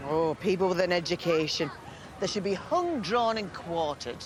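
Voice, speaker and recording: A good-natured middle-aged mum, played by a woman who chatters and gushes. Her voice is lively and moves all over. Faint outdoor sound sits behind her. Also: lowish voice, moderate pace, background noise, close to an everyday voice. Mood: chatty. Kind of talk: sitcom acting.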